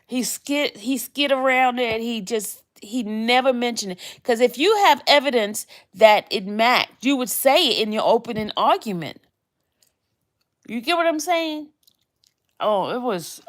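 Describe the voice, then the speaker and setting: A woman's voice: a little high, expressive, a little slow. A woman hosting a casual live stream, chatting in a rambling way and often repeating phrases.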